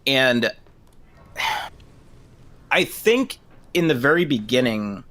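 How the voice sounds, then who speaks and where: A man's voice: mid-range voice, very animated, drawn-out words, pushed and bright. A man in his thirties, a therapist, talking casually and hesitantly with many restarts. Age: 30s. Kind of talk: casual discussion.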